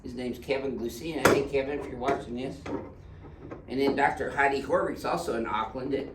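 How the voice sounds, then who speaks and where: A man's voice: medium pitch, a little fast. A man, a chiropractor joking and giving instructions to a patient while he treats her. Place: treatment room in a clinic. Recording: roomy clinic room, mic at a distance, background noise.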